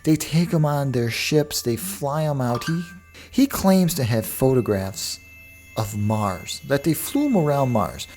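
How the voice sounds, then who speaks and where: A man talking alone into the mic as a podcast host, wandering off on tangents and circling back. His voice has a gravelly edge and a lively, swinging pitch. Faint music sits under his talk. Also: measured pace. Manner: rambling, digressive, with frequent restarts. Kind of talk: casual monologue.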